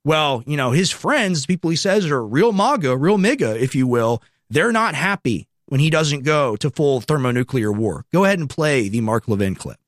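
A man hosts an opinionated political talk show, sarcastic and loose as he reads posts aloud and adds asides. His voice sits somewhat high. The sound is dry, without any room echo. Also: big pitch swings, moderate pace, few pauses. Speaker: political commentary host.

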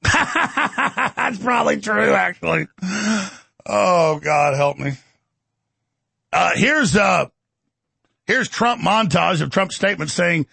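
Gravelly, high-voiced ranting male host. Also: no echo. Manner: rapid, ranting, animated, with mocking impressions. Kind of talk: political commentary rant.

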